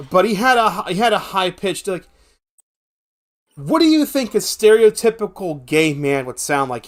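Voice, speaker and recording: A young man streaming a game, telling long rambling stories with lots of swearing and filler. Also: high-pitched. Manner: rambling, profane, animated storytelling. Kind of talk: casual gameplay chat and storytelling.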